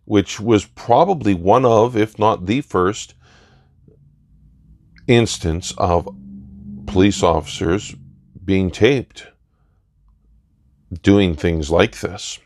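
Man, gravelly voice, earnest commentary, dry close sound. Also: lowish voice, very slow, long pauses, darkish tone, no room sound. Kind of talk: opinion monologue.

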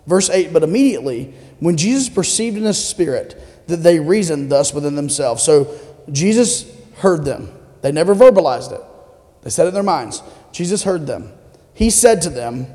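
A man's voice: fairly high pitch, animated, moderate pace, mellow. Man preaching in a reverberant hall. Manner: conversational preaching with audience questions. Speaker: pastor. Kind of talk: sermon.

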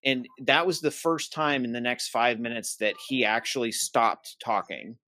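A man's voice: medium pitch, normal speed, no echo. A man co-hosting a church safety podcast, telling a personal story in casual chat and acting out what each person said. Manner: animated storyteller who acts out quoted dialogue.

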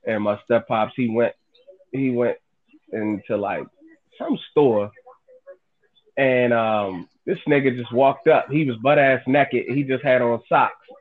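Husky, animated man on a tinny line. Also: medium pitch, slow pace. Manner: animated storyteller who laughs a lot. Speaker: podcast co-host. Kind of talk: casual chat. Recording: tinny phone-like sound.

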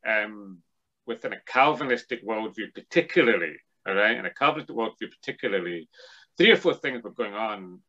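A man's voice: lowish voice, bright, forceful tone, dull audio. A man as an interview guest, explaining ideas in a discursive, lecturing way with frequent restarts. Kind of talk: thoughtful academic discussion.

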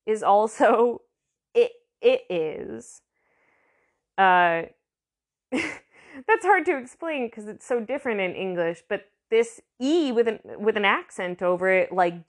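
A woman giving a casual language lesson, chatty, sounding out words slowly and repeating them. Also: mid-range voice. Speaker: language teacher.

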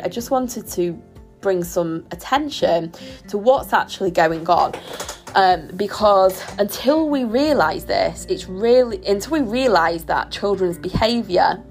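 A woman hosting a solo parenting podcast, talking in a gentle, reflective and reassuring way. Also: on the low side. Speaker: podcast host.

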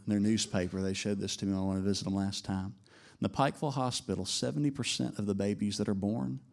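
A man preaching a sermon to his congregation in an animated way, climbing to emphatic peaks and slowing down for quoted lines. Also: on the low side, vocal fry. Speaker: pastor.

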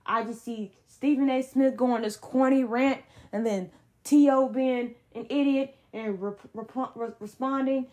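A woman's voice: high-pitched, fairly even intonation, measured pace, a little mellow. A young adult woman hosting a solo sports podcast, ranting in a heated, emphatic way with blunt slang. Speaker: podcast host.

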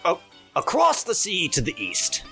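A man doing a gravelly British stranger. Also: high-pitched, huge pitch swings, a little slow, pushed and bright, soft background music, voice pushed up, full character voice. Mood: aloof. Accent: British put on. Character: gruff mysterious British male stranger.

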